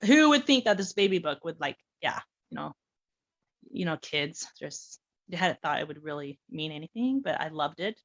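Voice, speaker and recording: A woman's voice: low voice, normal speed, dull audio. A woman casually telling her own adoption story, acting out the dialogue with lots of animation. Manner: animated, acts out quoted dialogue, laughs often.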